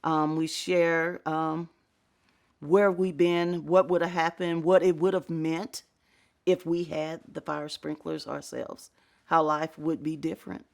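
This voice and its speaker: Gravelly-voiced middle-aged woman, earnest and reflective. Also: low voice. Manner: earnest and reflective, with soft laughs. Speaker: fire safety advocate. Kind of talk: personal testimony interview.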